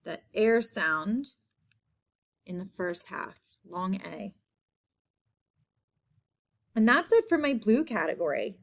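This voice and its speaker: A woman teacher giving a recorded spelling lesson, saying each word several times in a clear, patient way. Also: medium pitch, lively intonation, slow pace, pauses often. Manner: clear, patient classroom delivery.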